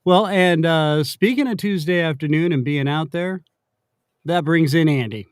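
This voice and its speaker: A man's voice: a little high, normal speed, smooth, no room sound, studio quality. A man hosting a casual live stream, joking and rambling with fillers. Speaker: show host. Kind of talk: casual livestream chat.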